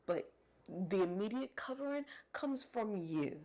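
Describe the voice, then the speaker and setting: A woman in her forties giving animated, chatty reaction commentary and talking straight to her viewers. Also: medium pitch, unhurried.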